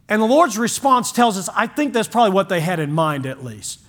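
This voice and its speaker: Pastor, high voice, folksy, animated sermon that drops to a hush. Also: male voice, a little fast, few pauses. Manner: animated, folksy, shifts from loud to hushed.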